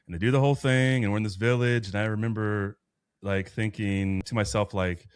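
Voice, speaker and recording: A man's voice: fairly low pitch, steady tone, a little fast, clean tone, dry recording, studio quality. A man in his thirties, a podcast guest, telling a personal faith story in an earnest, rambling way with many restarts. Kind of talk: personal faith testimony in conversation.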